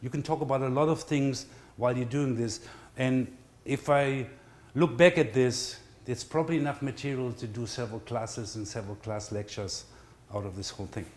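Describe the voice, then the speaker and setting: A man with a German accent, a culinary instructor giving a relaxed cooking demonstration and listing teaching ideas. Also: medium pitch, moderate pace, hardly any pauses.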